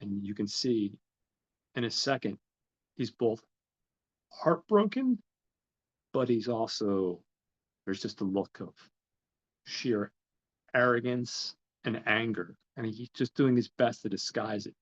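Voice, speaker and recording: A man's voice: fairly low pitch, expressive, takes it slowly, long pauses. A man hosting a podcast, recapping a film in a rambling way with many ums and restarts. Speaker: podcast host. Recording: slightly dull, lo-fi recording.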